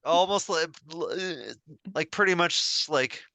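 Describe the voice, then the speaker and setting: A man's voice: a little high, animated, takes it slowly, gravelly, bright, forceful tone, dry recording. A man co-hosting a podcast, chatting casually and telling stories with enthusiasm, full of fillers and restarts. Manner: enthusiastic, rambling storyteller with many fillers. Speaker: podcast co-host.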